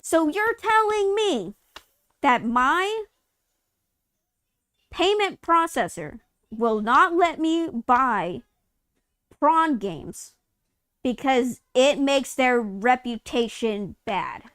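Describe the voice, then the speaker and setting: A woman's voice: high-pitched, animated, extremely slow, long pauses, fairly bright tone, no room sound, clean studio sound. A woman co-hosting a live gaming news stream, ranting hard with profanity and firing off exasperated rhetorical questions. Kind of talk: casual live-stream chat.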